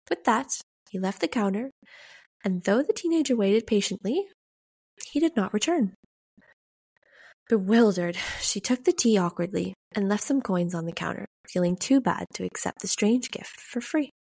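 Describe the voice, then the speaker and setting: A woman reading a story aloud as a podcast narrator, in a measured, gentle pace with dramatic pauses. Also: mid-range voice, expressive, vocal fry, slightly rough.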